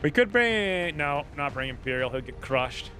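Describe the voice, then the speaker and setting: A man streaming a game, chatting casually and playfully, rambling and jumping into high exclamations. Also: expressive, normal speed, sharp tone, soft background music. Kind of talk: casual live-stream gameplay commentary.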